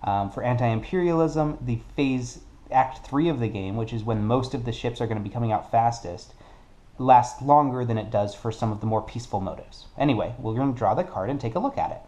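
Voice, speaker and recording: Mellow-voiced man explaining a board game. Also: medium pitch, brisk. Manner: thinks aloud, casual and explanatory, corrects himself. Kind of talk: solo tabletop playthrough, explaining rules.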